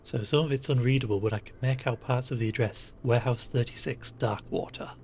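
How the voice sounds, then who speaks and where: A man's voice: medium pitch, fairly even intonation, a little fast, a little mellow, slight background noise. A man casually commenting while playing a game live, chatty and jokey with rambling asides.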